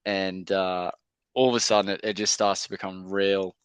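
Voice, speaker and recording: Laid-back young man, smooth low voice. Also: flat delivery, moderate pace, dry recording. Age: young adult. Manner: laid-back, chatty, lots of fillers and mates' slang. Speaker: podcast guest, rugby league player. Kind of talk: casual interview storytelling.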